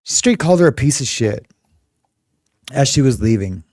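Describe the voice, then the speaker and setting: A man's voice: mid-range voice, expressive, normal speed, darkish tone, no echo, clean studio sound. A middle-aged man from California, hosting and telling a story in a casual, rambling way. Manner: rambling, conversational, many fillers. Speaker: host.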